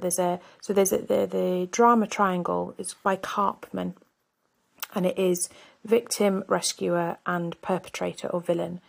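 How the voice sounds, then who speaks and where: A woman's voice: lowish voice, gravelly. A woman hosting a self-help podcast, a mother speaking candidly and thinking aloud in a reflective monologue. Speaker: podcast host; mother of three.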